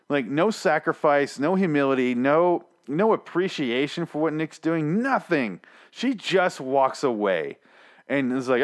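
A man's voice: mid-range voice, normal speed, clear, resonant tone. A man recapping a TV episode in a casual, profane, exasperated rant, mocking the characters in put-on voices. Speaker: TV episode reviewer.

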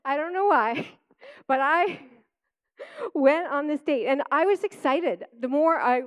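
A woman's voice: sits high, measured pace. A middle-aged woman preaching, telling a personal testimony in a chatty storytelling way that often breaks into laughter.

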